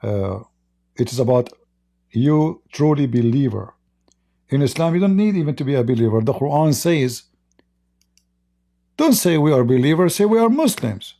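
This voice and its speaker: A man's voice: mid-range voice, lively intonation, moderate pace, long pauses, dark tone. A man hosting a live-stream religious debate, preaching to callers and taunting challengers. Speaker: host.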